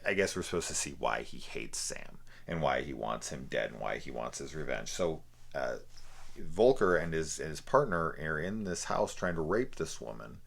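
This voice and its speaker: Very deep-voiced man reviewing a film. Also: gravelly. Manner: rambling, lots of fillers and laughs.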